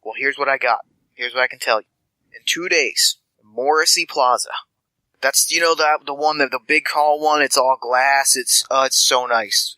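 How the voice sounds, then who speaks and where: A man's voice: on the high side, sharp tone, no room sound, low-quality recording. A man voicing a scatterbrained, spindly male street informant who rambles and stammers affectionately.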